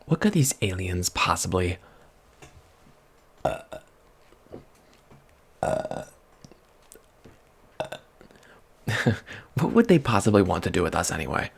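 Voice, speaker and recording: A man rambling in soft-spoken ASMR chat at a close microphone, drifting from hushed murmurs to excited outbursts. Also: deep voice, slow, vocal fry, pauses often, slightly rough. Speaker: vlogger.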